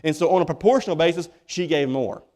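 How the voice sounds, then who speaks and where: A man with a darkish, higher-than-average voice preaches a sermon at a fast pace in church. As pastor, he's folksy and emphatic, often beginning his words again.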